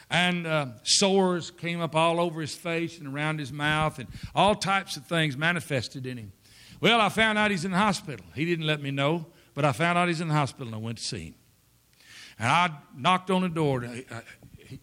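A man's voice: a little high, bright, forceful tone. A man preaching a sermon, emphatic and repetitive as he exhorts his listeners.

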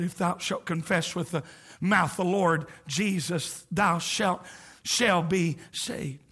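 In a high-pitched voice, a middle-aged man gives a sermon as a visiting preacher, with whoops and shouts that sink to near whispers.

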